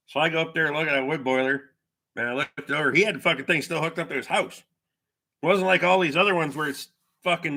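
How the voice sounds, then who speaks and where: A middle-aged man spins rambling, profanity-laced anecdotes for his stream chat and stops now and then to read viewer comments aloud. His voice sits a little high and comes across bright and forceful. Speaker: livestream host. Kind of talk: casual storytelling chat with viewers.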